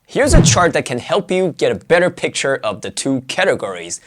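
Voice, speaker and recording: An English pronunciation teacher giving a scripted lesson narration, with clear, emphatic delivery and dramatic pitch swings. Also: very animated, normal speed.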